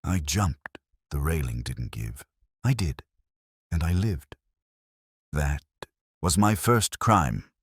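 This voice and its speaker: A man's voice: a bass voice, animated, slow, long pauses, slightly rough, no echo, studio quality, exaggerated voice. A man reading the lines of a guarded woman on a phone call, cool and clipped. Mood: quiet.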